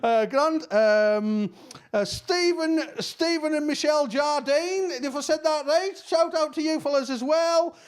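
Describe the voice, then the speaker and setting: A man with a Cumbrian accent, chatting casually as he reads out shout-outs, rambling and using broad dialect words, his voice a bit worn. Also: very high-pitched, unhurried. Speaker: musician giving shout-outs. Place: at home.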